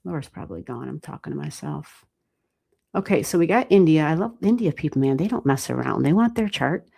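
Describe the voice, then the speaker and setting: An American woman giving astrology readings on a livestream, thinking aloud and chatting with viewers in a relaxed way, with the odd swear word. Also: sits low, brisk, gravelly, breathy edge. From United States. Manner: thinks aloud, talks to chat, mild swearing. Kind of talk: casual livestream chat.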